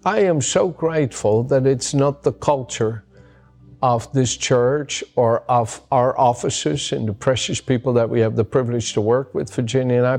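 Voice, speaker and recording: Man, pastor, sermon, gravelly voice, earnest, emphatic, faint music underneath. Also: medium pitch, darkish tone. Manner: earnest, emphatic, repeats key words. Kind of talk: sermon with personal story.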